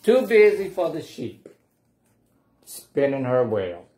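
A man's voice: fairly high pitch, sing-song, takes it slowly, a little mellow. A man reading a picture book aloud at a library storytime, playfully coaxing the children to say the refrain along with him.

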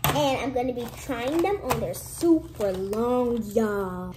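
A young woman chatting casually to camera in a vlog, lively and sometimes dropping to hushed whispers. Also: on the high side, moderate pace, noisy background. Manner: lively, switches to hushed whispers when nervous. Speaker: vlogger.

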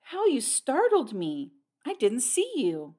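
A woman's voice: medium pitch, big pitch swings, moderate pace. A woman voicing a playful, teasing young woman in a storybook reading. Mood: teasing, eager. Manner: teasing, mischievous.

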